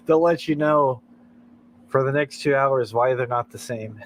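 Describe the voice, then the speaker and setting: A man's voice: mid-range voice, measured pace, slight background noise, poor audio. An American man hosting a late-night livestream, chatting in a rambling way and chuckling often between thoughts. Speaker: livestream host. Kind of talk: casual chat.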